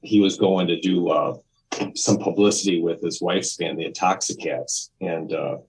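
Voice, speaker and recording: A man in his fifties with a very low voice tells a story as a podcast guest. He rambles along in a candid, conversational way, restarting sentences and acting out what people said. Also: steady tone, moderate pace, a little mellow, slight background noise, low-quality recording. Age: 50s. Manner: rambling, with frequent restarts and acted-out quotes. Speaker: podcast guest, music photographer.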